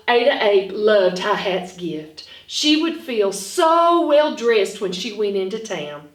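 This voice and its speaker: A woman reading a storybook aloud and then teaching phonics to children, animated and gasping, speaking slowly and clearly. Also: a little high. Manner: animated, with dramatic gasps, slow and clearly spoken. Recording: echoey room, far from the mic.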